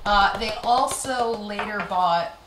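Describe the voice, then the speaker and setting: A woman's voice: medium pitch, takes it slowly, background noise. A young adult woman, a stand-up comic, telling stories in a casual chat and swearing freely. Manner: animated storyteller, swears freely. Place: kitchen. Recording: roomy kitchen with clattering dishes.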